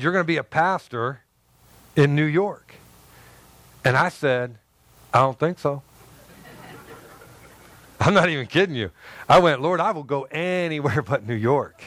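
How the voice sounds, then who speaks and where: A man's voice: mid-range voice, fairly bright tone, dry recording. Middle-aged guy pastor preaching, folksy storyteller, dry close sound. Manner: folksy storytelling with laughs and asides. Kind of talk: sermon. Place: church.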